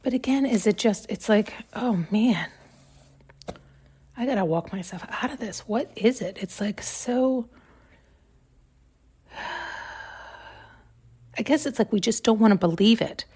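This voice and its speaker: A woman's voice: fairly high pitch, measured pace, long pauses, a little mellow, husky. A woman hosting a podcast, thinking aloud in a rambling, searching monologue, restarting her sentences and close to tears at times. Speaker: podcast host. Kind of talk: intuitive musing monologue.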